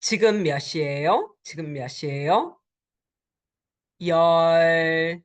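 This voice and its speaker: In a recorded college lecture, a woman with a lowish voice teaches Korean, walking through each step with plenty of ums and uhs and slowly repeating phrases so learners can follow.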